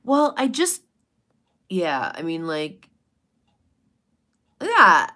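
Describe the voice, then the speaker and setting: A woman's voice: fairly low pitch, huge pitch swings, drawn-out words, sharp tone. A woman hosting a casual livestream, who chats bluntly with viewers, swears freely and reads out their names. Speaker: livestream host. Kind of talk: casual chat with live viewers.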